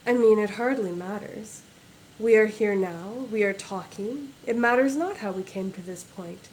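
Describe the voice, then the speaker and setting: A woman's voice: medium pitch, moderate pace, darkish tone, slight background noise, close to an everyday voice, rough recording. A woman reading aloud, voicing a commanding noblewoman near forty with a detached, haughty manner.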